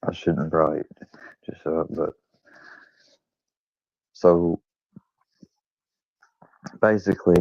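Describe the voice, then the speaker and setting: Low gravelly man telling a rambling story. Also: dry recording. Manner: rambling, profane, self-deprecating. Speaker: channel host. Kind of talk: casual storytelling. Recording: dull lo-fi recording.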